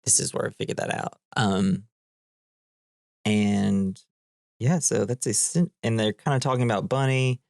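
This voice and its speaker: A man's voice: on the low side, unhurried, gravelly, a little mellow, no echo, clean studio sound. A man co-hosting a casual movie podcast, recapping the plot in a rambling way, full of "like". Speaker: podcast co-host.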